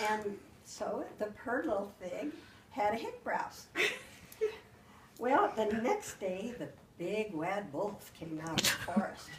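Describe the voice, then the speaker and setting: An older woman, a grandmother, telling a story to her family with animated, giggly delivery. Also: mid-range voice, measured pace, slight background noise. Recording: roomy room, mic at a distance.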